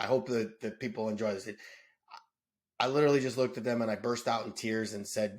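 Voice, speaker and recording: A man's voice: lowish voice, fairly even intonation, fast. Earnest, stammering man from Detroit. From Detroit, USA. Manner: earnest, emotional, stammering repeats. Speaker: podcast guest. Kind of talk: casual conversation.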